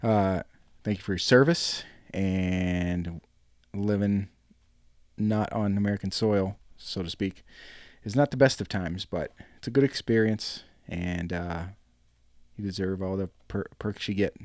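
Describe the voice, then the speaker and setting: A man's voice: low voice, a little slow, a little mellow, no room sound, clean studio sound. A man from New England hosting a solo podcast, chatting in a rambling way with lots of fillers. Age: adult, married ten years. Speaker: podcast host. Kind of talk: casual solo podcast chat.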